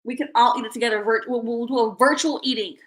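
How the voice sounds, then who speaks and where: A young woman chats to her viewers on a casual livestream, bubbly and easily excited. Her voice sits high and sounds bright and forceful. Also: quick pace. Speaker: livestream host.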